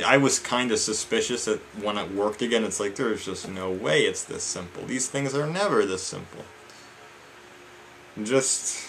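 A man's voice: sits low, pushed and bright, slight background noise. Exasperated man ranting with lots of swearing. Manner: exasperated, swears a lot, addresses viewers as guys and man. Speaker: vlogger. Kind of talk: casual ranting vlog.

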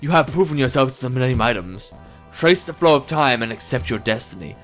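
A man voicing a solemn mystical male guardian in a game, speaking slowly and portentously. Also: mid-range voice, expressive, fairly bright tone, faint music behind, pitched below the performer's own voice, close to an everyday voice. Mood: grave. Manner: slow, measured, portentous delivery.

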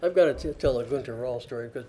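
A man moderating an onstage interview and audience Q&A, relaxed when telling an anecdote and brisk when steering questions. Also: mid-range voice, very noisy. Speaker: event moderator.

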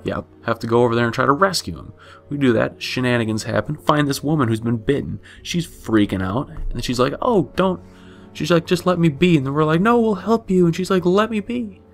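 Host type: offhand, swearing man with a fry-edged voice, comic recap delivery. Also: mid-range voice, fairly bright tone. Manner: flippant, profane, rambling with self-corrections. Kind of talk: casual comedic recap.

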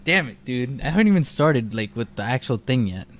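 A man's voice: mid-range voice, very animated, fairly quick. Jumpy, cursing young man gaming. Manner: jumpy, profane, rambling reactions. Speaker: gamer. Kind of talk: casual let's-play commentary.

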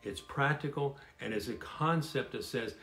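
An older man, a pastor, giving a slow, emphatic devotional talk and softly repeating key phrases. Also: medium pitch, vocal fry. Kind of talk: sermon-style devotional talk. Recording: roomy echo.

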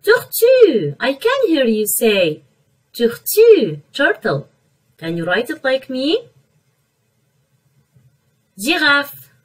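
A woman teaching an online French vocabulary lesson to young children, repeating each word slowly to drill pronunciation. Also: sits high, huge pitch swings, slightly rough, far from the mic, rough recording.

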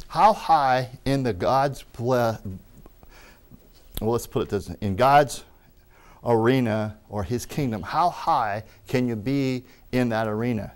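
A man's voice: medium pitch, a little slow. A man preaching a teaching sermon, emphatic and repeating amen with enthusiasm, with wry asides and small jokes.

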